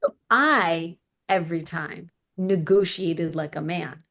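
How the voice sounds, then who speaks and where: A woman's voice: fairly low pitch, slow pace. A middle-aged woman, a guest in an interview, telling a personal story and acting out the people in it. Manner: animated, acts out the people in her stories.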